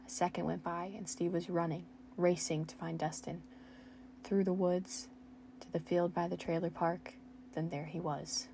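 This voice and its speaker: Young woman with a gravelly, low voice. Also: level tone, normal speed, mellow, slight background noise. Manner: self-mocking, laughs at her own writing. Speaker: storyteller reading her old fan fiction. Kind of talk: casual reading aloud with chatty asides.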